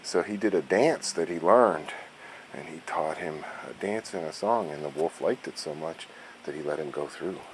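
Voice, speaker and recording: A man, a father, narrating an animated story outdoors, sometimes dropping to hushed tones. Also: very deep voice, moderate pace, slight background noise.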